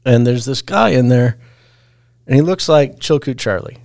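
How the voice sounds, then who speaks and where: A man's voice: mid-range voice, expressive, moderate pace, creaky, darkish tone, dry recording, studio quality. A man telling a rambling, laughing story as a podcast guest, in a casual chat. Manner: laid-back, laughs through his story, rambles with restarts.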